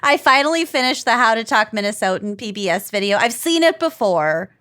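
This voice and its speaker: A woman's voice: fairly high pitch, lively intonation, pushed and bright. A woman co-hosting a podcast, chatting playfully with friends in a casual, jokey way. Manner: chatty, playful, quick to laugh along. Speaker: podcast co-host. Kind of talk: casual chat among friends.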